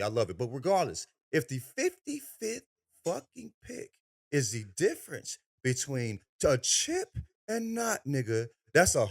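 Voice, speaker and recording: A man's voice: high-pitched, a bit bright. A man co-hosting a sports podcast, talking in a casual, profane, slang-heavy way. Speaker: podcast co-host.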